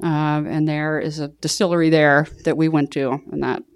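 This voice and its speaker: A woman's voice: deep voice, little pitch movement, normal speed, no echo. Chatty woman guest, dry close sound. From American South. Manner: chatty, laughs often, self-deprecating. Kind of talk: casual podcast interview.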